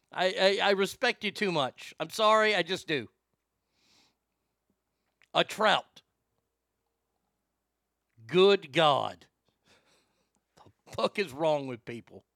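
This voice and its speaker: A man's voice: sits high, expressive, takes it slowly, pauses often, sharp tone, dry recording. A man hosting a live stream, ranting crudely to his chat with incredulous outbursts and stammered restarts. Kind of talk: crude comedic rant to chat.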